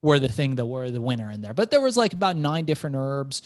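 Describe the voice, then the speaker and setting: A middle-aged man, an entrepreneur guest, telling his story in an animated interview and repeating words as he goes. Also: mid-range voice, fast talker, dry recording.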